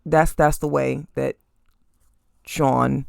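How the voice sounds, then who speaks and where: Facing the camera in a room at home where crystals and statues are displayed, a podcast host gives blunt, casual opinion commentary, cursing freely and asking "okay?". The delivery is flat and very slow, in a gravelly, darkish yet clear, resonant mid-range voice, with studio quality and no echo.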